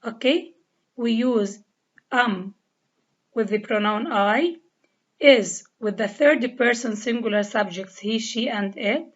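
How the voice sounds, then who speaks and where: Lebanese woman teacher, deliberate and slow, spells words out letter by letter, muffled lo-fi sound. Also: on the high side. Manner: spells out letters and repeats each rule step by step. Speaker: English teacher. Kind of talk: slow, deliberate grammar lesson. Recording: dull lo-fi recording.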